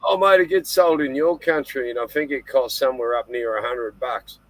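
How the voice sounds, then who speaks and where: A man's voice: mid-range voice, moderate pace, no room sound, rough recording. Laid-back Australian man joking on a call. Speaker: caller. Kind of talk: casual chat.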